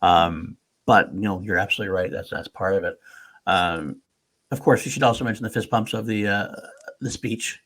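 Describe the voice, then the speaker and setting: A man co-hosting a podcast, chatting casually about movies, gushing and often dropping into hushed, whispered asides. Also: lowish voice, normal speed. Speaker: podcast co-host. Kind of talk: casual film-discussion chat.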